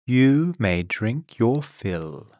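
A man's voice: fairly low pitch, animated, a little mellow, dry recording, clean studio sound. A man putting on a silky, scheming temptress. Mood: coaxing. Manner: slow, coaxing, then commanding.

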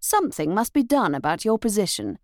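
A woman's voice: medium pitch, huge pitch swings, brisk, no room sound, clean studio sound. A woman reading the lines of an aristocratic male Marquis, speaking emphatically and insistently in a storybook reading. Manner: emphatic, exclaiming.

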